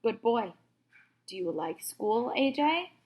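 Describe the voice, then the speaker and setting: Lady putting on a gruff bossy cop, barks at kids, storybook read-aloud. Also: a little high, big pitch swings, takes it slowly, a little mellow. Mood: stern. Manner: barking, blustery interrogating. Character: gruff adult male police officer, blustering and bossy.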